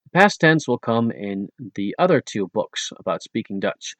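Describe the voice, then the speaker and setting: A man narrating an audiobook language lesson in a plain explanatory way, slowing down for each example word. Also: fairly low pitch, sing-song, a bit bright, no echo. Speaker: audiobook narrator teaching Dutch. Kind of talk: read-aloud language lesson.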